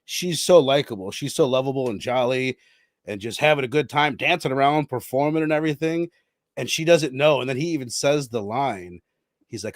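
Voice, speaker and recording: A man co-hosting a casual film podcast, talking in an animated way and playfully quoting lines. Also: mid-range voice, fairly quick, no echo, studio quality. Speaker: podcast co-host.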